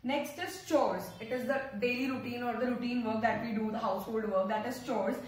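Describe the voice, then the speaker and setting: A woman's voice: on the high side, steady tone. Woman teaching, echoey and distant. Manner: repeats words slowly, mixes Hindi explanations. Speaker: English teacher, channel host. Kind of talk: pronunciation lesson. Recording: very echoey room, far from mic.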